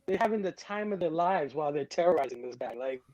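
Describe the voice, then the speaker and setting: A man's voice: a little high, animated, fast, crowd noise. A man in a casual movie chat, emphatic as he retells scenes.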